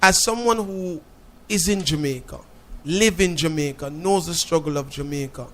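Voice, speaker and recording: A man's voice: fairly high pitch, normal speed, fairly bright tone. A man hosting a radio interview in a studio. He asks the guest questions and reads out the call-in details in an announcer's tone. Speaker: radio host.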